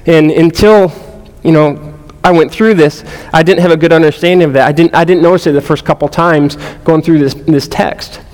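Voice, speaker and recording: A man teaching a sermon in an earnest, verse-by-verse way, his voice sitting a little high for a man. He stumbles and repeats words as he goes and puts questions to the listeners. The sound rings out with a long reverb, as in a large hall. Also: fairly even intonation, normal speed, darkish tone. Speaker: pastor or Bible study teacher.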